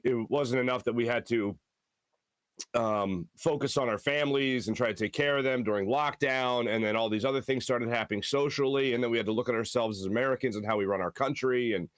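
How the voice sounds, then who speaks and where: Hoarse, low-voiced sports talk host. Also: male voice, no room sound, clean studio sound. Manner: earnest, halting and heartfelt. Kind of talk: sports talk show monologue. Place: studio.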